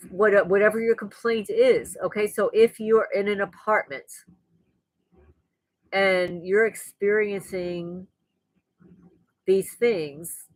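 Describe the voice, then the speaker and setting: A woman's voice: mid-range voice, dry recording, rough recording. A woman hosting her own channel, talking straight to viewers in a frank, rambling way and sounding angry and blunt. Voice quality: voice no longer sweet, rougher than before. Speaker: channel host. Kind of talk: casual monologue to viewers.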